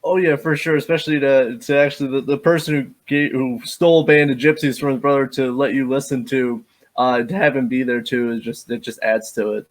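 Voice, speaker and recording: A young man hosting an interview, responding eagerly in halting phrases with many restarts. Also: medium pitch, fairly even intonation. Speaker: host. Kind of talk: casual interview chat.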